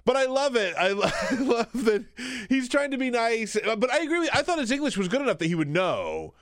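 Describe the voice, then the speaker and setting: A man's voice: very high-pitched, big pitch swings, a little fast, no room sound, clean studio sound. A man filling in as the host of a radio talk show, chatting casually and laughing often.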